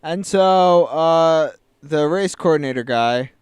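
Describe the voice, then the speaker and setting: Guy on a podcast, super clear voice, kinda high, telling a movie plot and doing quick voices for the characters. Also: a little mellow, dry recording, studio quality. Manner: retells the plot in quick quoted voices, loose and joking. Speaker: podcast co-host recapping a film. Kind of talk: casual chat.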